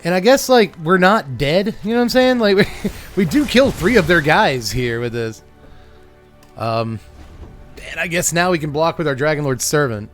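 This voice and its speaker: A man's voice: on the high side, animated, normal speed, fairly bright tone, faint music behind. A man hosting a card game channel, giving wry, joking gameplay commentary and chuckling often.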